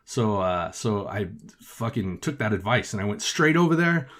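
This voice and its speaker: Casual male podcast host, lower pitch, loose and profane, lots of filler words. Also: sing-song, normal speed, a bit bright. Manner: profane, filler-heavy with frequent "like". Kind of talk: casual storytelling.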